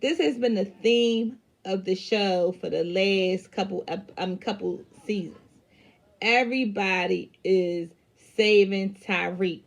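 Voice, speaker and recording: A woman's voice: mid-range voice, slow pace, vocal fry. A woman recapping a TV episode in casual, emphatic talk, swearing freely and using many fillers. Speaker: TV show reviewer.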